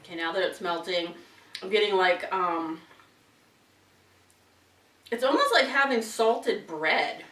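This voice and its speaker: A woman's voice: medium pitch, sing-song, slow, long pauses, fairly bright tone. A woman hosting a casual tasting video, chatting while she chews and laughing often. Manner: chatty, talks while chewing, frequent laughs. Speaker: wine and chocolate tasting host. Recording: roomy sound from some distance.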